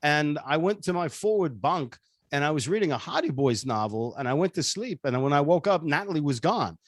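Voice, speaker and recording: A man impersonating an older male film star, telling a story in a halting, deadpan way. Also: on the high side, dry recording, studio quality.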